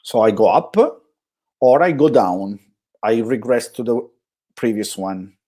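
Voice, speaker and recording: A man with an Italian accent, a guest telling animated stories in a conversational interview, often restarting his sentences. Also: fairly low pitch, unhurried. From Italy. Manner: animated storytelling with frequent restarts. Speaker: guest storyteller.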